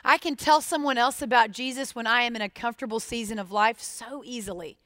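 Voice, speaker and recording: A woman preaching a sermon, expressive and putting questions straight to her listeners. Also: a little high, brisk, no echo, studio quality.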